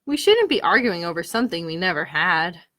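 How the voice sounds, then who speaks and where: A woman's voice: sits high, sing-song, unhurried, a bit bright, heavily acted. A woman voicing a carefree, earnest squirrel in a picture book read aloud.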